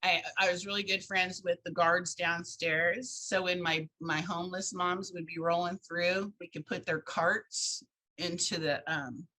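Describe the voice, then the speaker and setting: A woman tells her own story in a relaxed interview with a bright, clear voice. She talks casually and animatedly, acting out the people she quotes. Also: fairly low pitch, a little slow, rough recording. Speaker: guest, founder of a charity for women in crisis.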